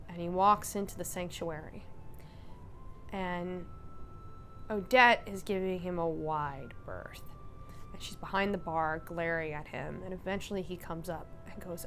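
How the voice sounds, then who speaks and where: A woman vlogger retelling a live-action role-playing game in casual, animated storytelling. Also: on the low side.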